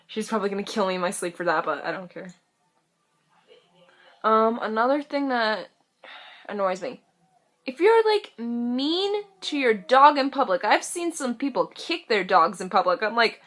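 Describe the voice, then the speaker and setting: A teenage woman rants to her camera in a chatty, sassy vlog, peppering every thought with "like" and slipping into mocking voices. Her voice is bright and a little high, and her pitch leaps around with lively swings. The tone stays casual and unscripted. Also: moderate pace, pauses often. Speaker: vlogger.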